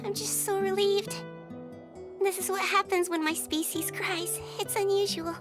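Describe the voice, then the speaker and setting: A woman's voice: very high voice, steady tone, a little slow, over music. A woman voicing a polite, earnest young witch heroine in an anime dub.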